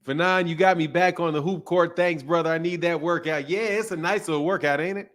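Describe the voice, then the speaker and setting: A man's voice: fairly high pitch, fairly quick, a bit bright. A man hosting a casual livestream, loosely greeting viewers by name in a chatty way. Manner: loose and chatty, reads viewer names aloud. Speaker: livestream host.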